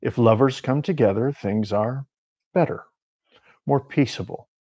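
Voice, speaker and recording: Ancient warlock, calm and measured, deep and clear; a man reads him. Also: dry recording. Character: ancient male warlock posing as a folksy handyman. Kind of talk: audiobook reading.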